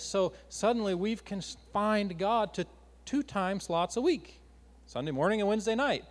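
A man with a slightly high voice preaches a fervent sermon, surging and easing as he makes his points. His voice rings through a reverberant church hall with a long tail. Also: expressive, brisk. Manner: impassioned, rising and falling in force.

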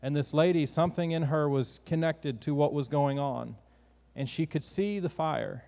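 A man's voice: a little high, normal speed, creaky, a little mellow. Earnest preacher man in a reverberant hall. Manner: conversational, earnest preaching with restarts. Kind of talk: sermon.

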